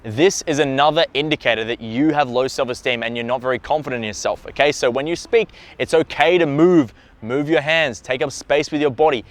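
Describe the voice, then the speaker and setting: Emphatic man coaching, mid-pitched voice. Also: a little fast. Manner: emphatic, punctuates points with a checking "okay?"; blunt, occasional swearing. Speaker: dating coach. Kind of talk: instructional talk to camera.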